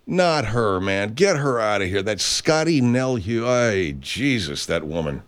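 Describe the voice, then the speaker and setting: A man's voice: lowish voice, animated, unhurried, clean tone. A man hosting a radio show in casual chat, rambling, restarting sentences and swearing freely. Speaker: host.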